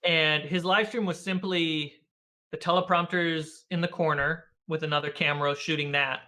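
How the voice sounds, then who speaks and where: Bright, lively man telling stories. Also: on the high side, moderate pace. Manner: animated storyteller, acts out quotes, laughs often. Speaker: guest, filmmaker and game master. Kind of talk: casual conversational interview. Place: video call.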